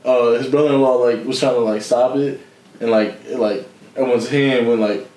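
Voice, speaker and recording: A man's voice: mid-range voice, steady tone, normal speed, a little mellow. A young man telling a story in casual chat, slangy and laughing often, acting out what others said. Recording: echoey room.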